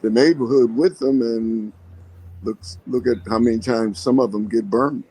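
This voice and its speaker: An older man chats casually on a podcast, spinning folksy stories from his working life. He laughs easily and talks in a relaxed, plain way. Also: mid-range voice, normal speed, breathy edge, rough recording. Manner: storytelling, folksy, laughs often. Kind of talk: casual chat.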